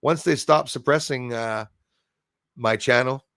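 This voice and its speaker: Gravelly-voiced man hosting a live stream. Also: mid-range voice, unhurried, a bit bright, no echo, clean studio sound. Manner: rambling, greets viewers and reads chat aloud. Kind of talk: casual live stream chat.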